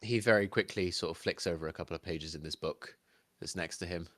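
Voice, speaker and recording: A man narrating a live tabletop game as game master in a steady, descriptive way. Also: deep voice, fairly quick, no room sound.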